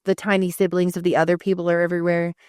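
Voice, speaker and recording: Woman cohost, kinda low voice, swears a lot, rambly stories, dry sound. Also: flat delivery, rapid-fire, darkish tone, clear, resonant tone, no room sound. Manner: swears often, rambling storytelling. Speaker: podcast co-host. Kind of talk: casual chat.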